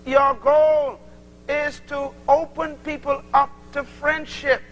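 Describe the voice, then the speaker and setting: A man's voice: very high-pitched, slow pace, dull audio, faint music behind. A man preaching a sermon to a congregation, acting out little dialogues as he teaches. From Bahamas. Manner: animated, acts out little dialogues.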